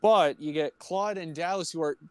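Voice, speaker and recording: A man co-hosting a podcast, summarizing a movie plot in halting casual chat with many fillers. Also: a little high, a little mellow, clean tone, no echo. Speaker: podcast co-host.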